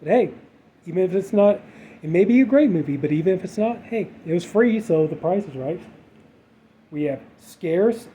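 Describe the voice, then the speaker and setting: A man with a high-pitched voice and normal speaking speed chats about his horror movie haul, relaxed and rambling, filling gaps with fillers. It's a casual unboxing captured in dull lo-fi audio with a faint background hum of noise.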